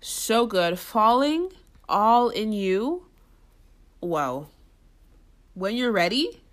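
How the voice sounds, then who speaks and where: A woman's voice: medium pitch, very animated, extremely slow. Gushing young woman chatting casually. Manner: gushing, laughs often, lots of "like". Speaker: co-host ranking albums. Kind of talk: casual chat.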